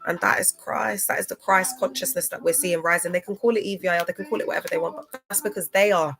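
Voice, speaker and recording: A woman's voice: lowish voice, fairly even intonation, quick pace, creaky, fairly bright tone. A woman talking to livestream viewers in a loose, slangy, digressive way, drifting between topics. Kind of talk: rambling livestream talk to viewers.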